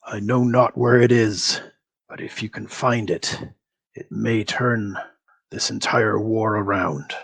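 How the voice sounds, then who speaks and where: A man voicing a mighty male war god who speaks slowly and formally, with a gravelly, husky voice. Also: on the low side, fairly even intonation, fairly bright tone, heavily acted. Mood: solemn. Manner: grave, slow, formal speech.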